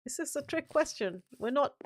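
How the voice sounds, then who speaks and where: A woman's voice: high voice, expressive, moderate pace, slight background noise. A woman co-hosting a gaming live stream, chatting casually and telling rambling, playful stories.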